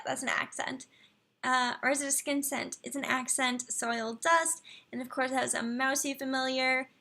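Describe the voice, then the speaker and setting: Bright, high-voiced woman streamer. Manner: chatty, reads viewer chat and profiles aloud, talks to her computer. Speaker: livestream host reviewing game profiles. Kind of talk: casual live-stream chat.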